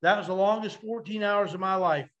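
A man guesting on a podcast, telling animated stories with vivid, salty language and acting out the voices of others. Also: high-pitched, a little fast, lo-fi sound. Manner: vivid, acts out quoted voices, swears freely. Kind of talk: animated storytelling.

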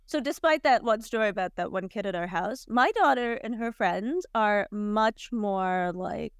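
A woman in her forties hosting a podcast, telling stories in a chatty, animated way with lots of fillers. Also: mid-range voice, unhurried, smooth, dry recording, clean studio sound. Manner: chatty, animated storytelling with frequent "like" and laughs. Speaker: podcast host. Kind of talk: casual chat.

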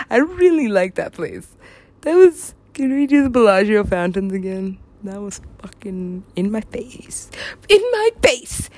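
A giggly, excitable young woman with a rather high voice that swoops all over the place. She rambles and swears, laughing through her own tangents, recorded close and dry. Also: no echo. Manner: giggly, excitable, profane, trails off. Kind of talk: rambling storytelling.

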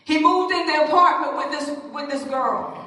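A woman preacher with a high voice tells a story to the congregation in an animated way. She is heard from far off in a big hall with long, ringing reverb. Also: normal speed. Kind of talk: sermon storytelling.

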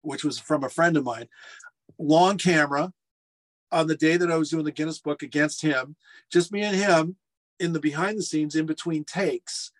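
Middle-aged man telling lively stories. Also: a little high, normal speed. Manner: lively anecdotal storyteller, acts out quotes. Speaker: restaurateur guest. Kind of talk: casual storytelling interview. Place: home furnace room.

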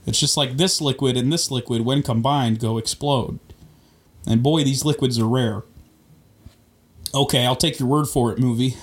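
A man's voice: medium pitch, fairly even intonation, moderate pace, husky. A man co-hosting a podcast, casually riffing on a movie with jokes and pop-culture tangents. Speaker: podcast co-host. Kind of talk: casual chat recapping a movie.

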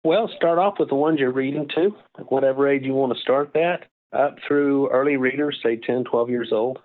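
An older man being interviewed as a guest author, explaining things in a relaxed, gentle way. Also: medium pitch, moderate pace, narrow, tinny audio. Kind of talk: interview answers.

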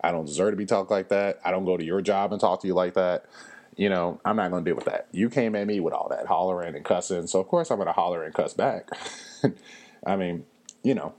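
A man hosting a podcast, telling a story in a blunt, animated way and swearing freely. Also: sits low, brisk. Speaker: podcast host. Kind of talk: casual storytelling monologue.

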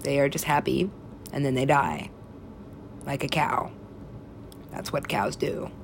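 A woman rambles in a casual, profane, stream-of-consciousness monologue. Her voice is rough and gravelly, with plenty of vocal fry. Faint noise sits under the talk. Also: very deep voice, measured pace.

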